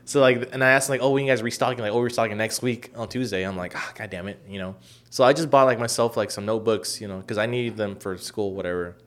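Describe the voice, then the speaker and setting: A young man in casual chat, telling a long story with many fillers and profanity, acting out quoted lines loudly. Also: on the low side, fairly even intonation, fast talker.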